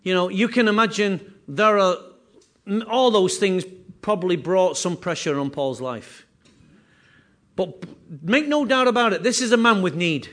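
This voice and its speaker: A man's voice: high voice, animated, unhurried, a bit bright. A man preaching a sermon as pastor, earnest, circling back on his words and restarting phrases.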